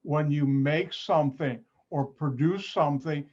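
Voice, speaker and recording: Speaking slowly in a fairly high voice, a man teaches chemistry online. He is patient, repeats himself, and throws in playful side comments. The video call audio, picked up by a computer mic, sounds muffled and lo-fi.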